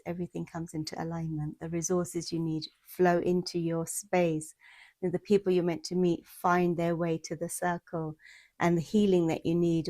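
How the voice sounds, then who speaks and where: A woman's voice: on the low side, warm tone, dry recording. A woman giving a spiritual monthly energy forecast, speaking in flowing, repeated lists, recorded outdoors in the mountains. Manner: flowing, repetitive lists of affirmations.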